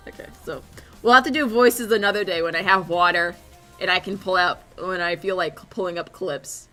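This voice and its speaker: A woman's voice: on the low side, normal speed, bright, forceful tone, faint music behind. A young woman streamer chatting casually and rambling while she draws, with a dry, sore throat. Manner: chatty, rambling, swears freely. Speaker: streamer and artist.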